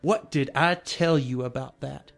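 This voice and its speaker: A man voicing a harsh, chain-smoking mother who yells and scolds crudely, with soft music behind. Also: mid-range voice, a little slow, gravelly. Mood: scolding.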